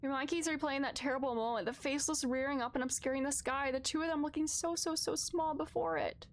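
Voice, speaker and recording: A woman streamer reading a narrative game aloud and reacting live, moving from calm reading to loud, distressed outbursts. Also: high voice, quick pace.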